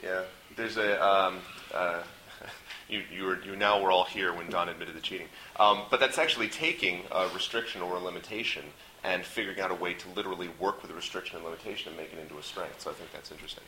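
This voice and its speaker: A man moderates the panel with a very deep, bright voice and speaks quickly. He is reflective and a little hesitant, and his voice echoes in the room over faint noise. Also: fairly even intonation. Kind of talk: casual panel chat.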